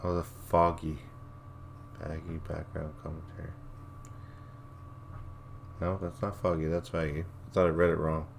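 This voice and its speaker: A man's voice: sits low, little pitch movement, fairly quick, hardly any pauses, slight background noise. A man hosting a livestream, chatting casually in a rambling, laid-back way and reacting to viewer comments. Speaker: livestream host.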